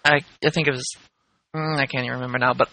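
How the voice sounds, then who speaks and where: A man's voice: medium pitch, steady tone, fast, creaky, sharp tone, dry recording, poor audio. A man co-hosting a podcast in casual chat, playful and prone to goofy asides. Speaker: podcast co-host.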